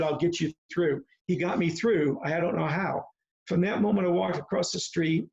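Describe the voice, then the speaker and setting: A man's voice: a little high, creaky, a little mellow. Older man, folksy coach on video call. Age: 70s. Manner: folksy, storytelling, slow and deliberate. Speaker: retired baseball coach. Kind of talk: reflective talk on a video call. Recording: slightly muffled video call audio.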